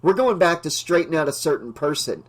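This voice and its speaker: A man's voice: a little high, expressive, brisk. A man voicing a hot-tempered skinny teenage boy in an audiobook, asking blunt, confrontational questions. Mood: angry.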